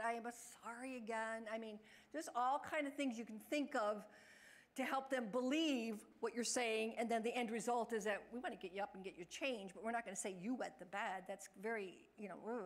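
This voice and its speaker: A woman leading a care staff training session, talking fast and chatty, acting out example lines in a brighter voice. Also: a little high. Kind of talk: in-service training talk.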